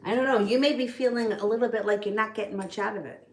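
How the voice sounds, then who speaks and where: A woman's voice: fairly high pitch, fairly even intonation, fast. A woman giving a casual live tarot reading, chatty and loose, with background noise. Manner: chatty, talks baby talk to a child between readings. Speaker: tarot reader. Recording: echoey room with background noise.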